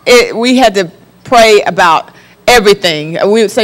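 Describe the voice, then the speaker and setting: Young woman guest, lively storyteller, laughs a lot. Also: medium pitch, moderate pace. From Florida Panhandle, US. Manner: animated storytelling, laughs often. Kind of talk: personal testimony in a talk show.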